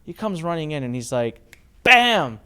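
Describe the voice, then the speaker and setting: A man hosting a casual chat, telling a story in an animated way, laughing often and restarting his sentences. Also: on the high side, a little fast. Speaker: host.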